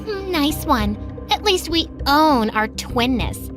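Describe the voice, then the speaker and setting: Woman doing a snide mean girl teen, high bouncy voice, music behind. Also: animated, takes it slowly. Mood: mocking. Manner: sneering, mocking.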